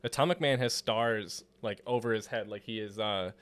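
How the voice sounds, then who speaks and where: A man co-hosting a comedy podcast, retelling a comic with excitable, profane enthusiasm. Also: lowish voice, moderate pace, clean tone, no room sound. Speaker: podcast co-host. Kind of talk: casual comedic chat.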